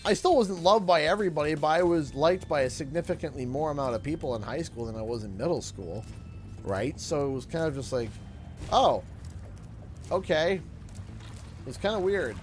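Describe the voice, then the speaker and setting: A Canadian man with a slightly high voice talks casually over a game stream. He rambles through stories, laughs often and restarts his sentences, with faint game music underneath. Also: animated, a little fast. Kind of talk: casual chat while gaming.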